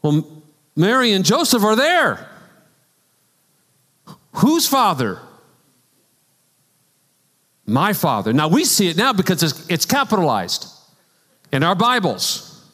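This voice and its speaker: Male pastor, relaxed conversational preaching, slightly high-pitched, echoing sanctuary. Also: slow, long pauses. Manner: animated storytelling with asides and laughs. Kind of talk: conversational sermon. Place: church sanctuary. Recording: long church hall reverb.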